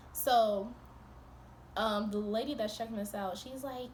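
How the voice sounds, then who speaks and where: A woman's voice: mid-range voice, normal speed, slight background noise. Heated, profane young woman telling a story. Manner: animated, profane, heated retelling; laughing, exasperated asides. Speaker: vlogger. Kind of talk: storytime vlog.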